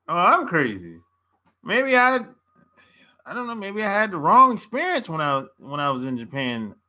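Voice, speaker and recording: A man's voice: sits high, sing-song, moderate pace, pushed and bright. An American man, a relationship coach, giving a blunt casual opinion rant to camera and laughing often.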